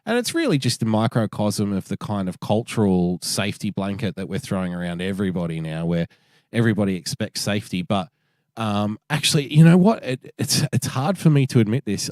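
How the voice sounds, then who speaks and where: A man's voice: on the low side, expressive, fairly quick, a little mellow, no echo. A man co-hosting a podcast, giving dry, mocking, sweary banter. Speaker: podcast co-host. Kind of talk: casual chat.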